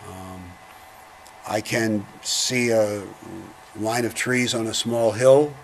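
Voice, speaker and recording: An older man with a lowish voice recounts memories in a slow, halting, reflective way. A faint hum sits behind him. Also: steady tone. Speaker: veteran interviewee. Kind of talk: oral history interview.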